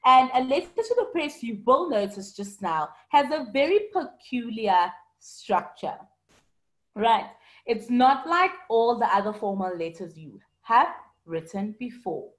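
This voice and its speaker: A woman's voice: on the high side, expressive, unhurried. Female teacher, online class, patient and explanatory, calls on students by name. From South Africa. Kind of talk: online lesson reading student comments.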